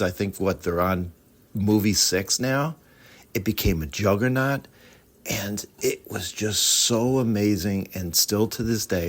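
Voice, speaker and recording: A middle-aged man hosting a book discussion podcast, speaking in an animated and opinionated way. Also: medium pitch. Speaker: podcast host.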